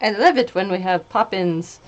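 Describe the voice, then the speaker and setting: A woman's voice: mid-range voice, normal speed, lo-fi sound. A woman streaming live while painting, chatting casually, laughing often and breaking into silly singing.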